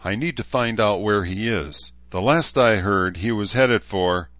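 A man voicing a fierce, urgent young sorceress who talks forcefully. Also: lowish voice, a little slow, dry recording, dull audio.

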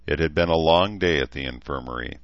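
A man with a very deep voice narrates a novel in an even, steady manner. The recording is close and dry, with slightly dulled highs. The delivery stays plain throughout. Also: fairly quick, no room sound, highs cut off. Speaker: audiobook narrator. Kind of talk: scripted narration.

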